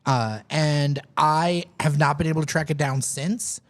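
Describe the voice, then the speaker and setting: A man's voice: on the high side, unhurried. A man co-hosting a casual podcast, telling food stories with enthusiasm. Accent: Detroit, Michigan. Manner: lively storyteller, enthusiastic. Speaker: podcast co-host. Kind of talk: casual chat.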